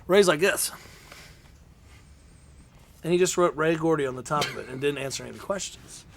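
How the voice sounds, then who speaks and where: A man's voice: a little high, a little fast, vocal fry, a little hiss or hum. A middle-aged man, a guest wrestler, telling a story casually with lots of swearing and energy. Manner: profane, animated anecdote-telling.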